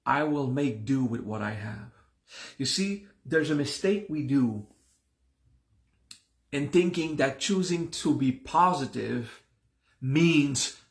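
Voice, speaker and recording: A man with a gravelly, creaky voice teaches a spiritual class in an easygoing, conversational way. He circles back over his points and often restarts his sentences mid-thought. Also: a little high, animated, slow pace. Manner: conversational, repeats himself, many restarts. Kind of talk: live-streamed class talk.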